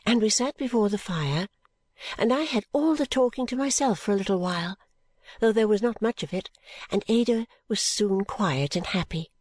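Woman audiobook narrator, gentle measured read, mid pitch, very dry close sound. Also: dry recording. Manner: gentle, measured first-person storytelling. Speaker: audiobook reader. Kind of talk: scripted narration of a classic novel.

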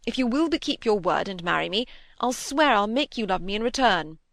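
A woman reading the part of a pressing, self-assured young gentleman suitor in an audiobook, keeping close to her own voice. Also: medium pitch, animated, brisk, creaky, dry recording. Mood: insistent.

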